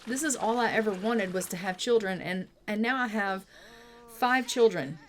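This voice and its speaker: A woman's voice: medium pitch, normal speed, slight background noise, natural voice. A woman voicing a doting young father in a life-sim game, gushing about how happy he is, in a slightly raised version of her own voice. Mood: overjoyed. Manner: gushing, overjoyed.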